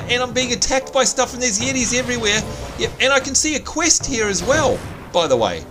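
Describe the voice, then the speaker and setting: A man's voice: very high voice, sing-song, fairly quick, music in the background. A man hosting a let's play, chatting through gameplay and panicking and yelping when he is scared. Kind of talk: gaming commentary.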